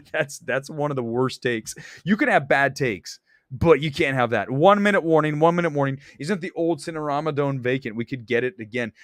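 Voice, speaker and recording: A man hosting a casual movie talk show, ranting with animated enthusiasm and some swearing. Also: medium pitch, normal speed, no room sound, clean studio sound. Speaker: show host. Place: Los Angeles area.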